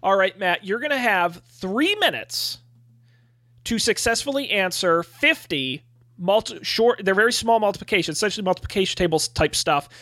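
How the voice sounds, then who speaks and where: A man's voice: high voice, lively intonation, normal speed, bright, forceful tone, no room sound. A man running a tabletop game as game master, chatty and full of "uh" fillers.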